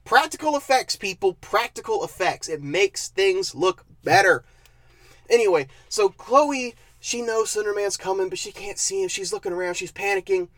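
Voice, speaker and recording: A movie reviewer rants through a casual spoken review, full of exasperation and sarcasm, laughing often and stammering through restarts. The voice sits at medium pitch and moves at normal speed, with no echo.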